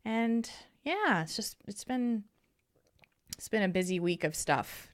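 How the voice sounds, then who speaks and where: A talkative woman hosts a casual podcast, giggling often and swinging her pitch up and down. Her voice is bright and mid-pitched. The sound is dry and close. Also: animated, slow, pauses often, dry recording. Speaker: podcast host.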